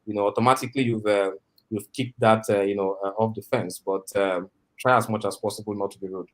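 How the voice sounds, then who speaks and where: A man with a fairly low voice coaches listeners over a video call microphone. He rambles, leans on fillers like "you know", and keeps checking for agreement. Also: fairly even intonation, a little fast. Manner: rambling, filler-heavy, often asks for agreement. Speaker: mentor teaching interview skills. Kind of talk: instructional talk on a video call.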